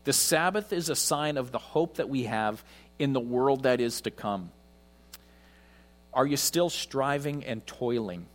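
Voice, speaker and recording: A man preaching a conversational sermon in church, with frequent pauses. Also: mid-range voice, lively intonation. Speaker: pastor.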